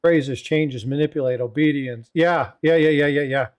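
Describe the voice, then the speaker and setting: A man's voice: fairly high pitch, moderate pace. A middle-aged man hosting a casual livestream panel, rambling with lots of "um" and "you know" and reading viewer comments aloud. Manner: rambling, filler-heavy, reads viewer chat aloud. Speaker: livestream host.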